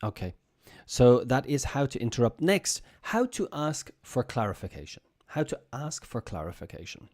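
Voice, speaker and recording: A man teaching English on a live stream in a chatty way, repeating example phrases slowly for his students. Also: medium pitch, very animated, a little mellow.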